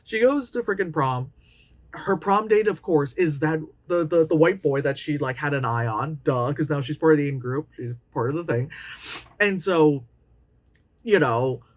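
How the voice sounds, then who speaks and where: A woman in her late thirties giving a casual, profane movie review, animated and often mocking characters in put-on voices. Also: sits low, moderate pace. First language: Chinese. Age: late 30s.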